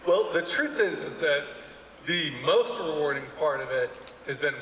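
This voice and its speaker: A man's voice: a little high, expressive, normal speed, a bit bright, slight background noise. A man answering earnestly and hesitantly as an actor on a convention panel. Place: large convention hall stage. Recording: echoey hall with long reverb.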